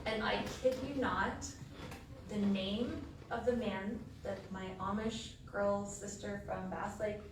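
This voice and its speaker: A woman's voice: mid-range voice, fairly even intonation, takes it slowly, distant mic. A woman, the sister of the deceased, giving a eulogy in a funeral home chapel. She tells funny personal stories in a chatty, casual way, full of filler words. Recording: echoey hall, voice from afar, room noise.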